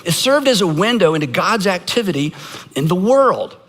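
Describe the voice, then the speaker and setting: Man, pastor, conversational sermon, earnest storytelling, high voice. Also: sing-song, normal speed, fairly bright tone. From Georgia, United States. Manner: earnest storytelling with self-deprecating asides.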